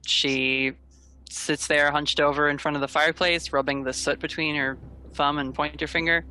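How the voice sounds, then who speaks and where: A man running a tabletop game as game master, narrating scenes in steady detail. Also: on the high side, normal speed, slight background noise, low-quality recording. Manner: steady, descriptive storytelling. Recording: music playing clearly behind.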